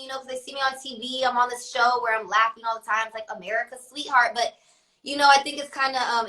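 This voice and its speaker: A woman's voice: a little high, sharp tone, poor audio. A young woman rapper chatting as an interview guest, laughing often and filling her talk with "like". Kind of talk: casual interview.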